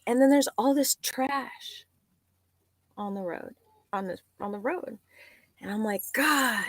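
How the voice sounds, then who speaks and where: A woman guest chatting casually, telling a story and acting out the dialogue in lively voices. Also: mid-range voice, no room sound. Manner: animated, acts out quoted dialogue.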